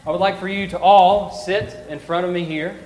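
A man's voice: high voice, moderate pace, over music. Playful man with big echoing hall reverb. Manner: playful, animated, swings between loud cries and hushed whispers. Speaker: children's pageant director. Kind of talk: reading a storybook aloud to children. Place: large church sanctuary. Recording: echoey hall reverb, faint room ambience.

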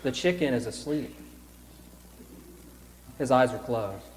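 A man directing a children's pageant in a church sanctuary, reading a storybook aloud with playful swings between loud cries and hushed whispers. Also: medium pitch, expressive, slow pace, a little hiss or hum. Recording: echoey hall reverb, faint room ambience.

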